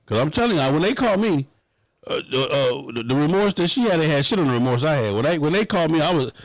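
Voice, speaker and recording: Loud profane Southern talk show host. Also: male voice, on the high side, quick pace, dry recording. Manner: animated, profane, mock-pleading bits. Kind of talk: casual opinion talk show.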